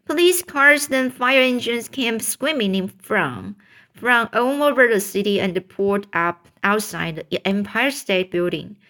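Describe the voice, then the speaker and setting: A woman reading a children's book aloud, stumbling and restarting on words, lifting her voice for the characters' shouts. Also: expressive. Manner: slow, halting read-aloud with stumbles and restarts; raises pitch for characters' shouted lines. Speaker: reader.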